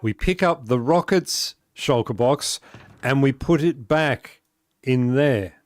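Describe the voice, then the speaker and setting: A man's voice: mid-range voice, slow pace, no room sound. An Australian man chatting casually on a live game stream, talking to viewers and laughing often. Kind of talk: casual gaming stream chat.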